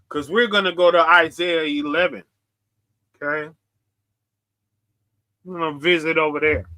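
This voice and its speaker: A man preaching forcefully to his viewers, confrontational and full of slang. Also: high-pitched. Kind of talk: street preaching livestream.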